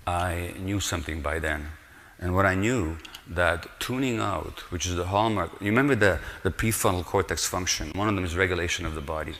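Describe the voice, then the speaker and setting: Low-voiced older man lecturing in a hall. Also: a bit bright. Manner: earnest, emphatic, with rhetorical questions. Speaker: speaker giving a lecture. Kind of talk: public lecture. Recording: long reverb of a lecture hall.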